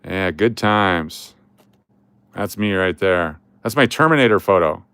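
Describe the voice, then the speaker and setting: A middle-aged man who hosts a coin collecting channel rambles and jokes through old photos in a casual vlog, chuckling and trailing off into restarts. His low voice is expressive and unhurried, fairly bright and clean. The studio sound is clean with no echo.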